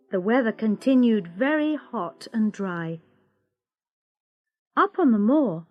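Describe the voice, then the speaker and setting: A woman reading a story aloud for English learners, slow, clear and expressive. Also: a little high, dry recording. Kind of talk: scripted narration for English learners.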